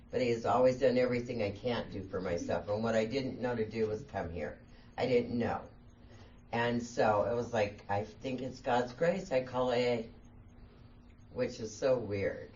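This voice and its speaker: A woman's voice: rumbling low, darkish tone. Woman speaker at a meeting, candid and self-mocking, sounds far off and kinda muffled. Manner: candid, self-mocking, laughs through her story. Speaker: guest speaker at a recovery meeting. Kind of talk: personal storytelling talk. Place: meeting room. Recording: distant, dull, faint room hiss.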